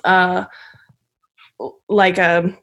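A woman's voice: on the low side, little pitch movement, drawn-out words, fairly bright tone. A woman chatting on a podcast, laughing often as she tells anecdotes. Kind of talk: casual chat.

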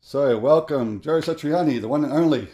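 Relaxed Australian podcast host, mellow voice. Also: male voice, fairly high pitch, moderate pace. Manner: relaxed, friendly, thanks listeners and sponsors. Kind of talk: casual podcast intro and interview.

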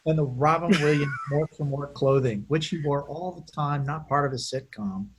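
A man's voice: fairly high pitch, normal speed, breathy edge. A man co-hosting a podcast in casual chat, joking and sometimes tripping over his words. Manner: joking, animated, tongue-tripping. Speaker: podcast co-host. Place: remote call.

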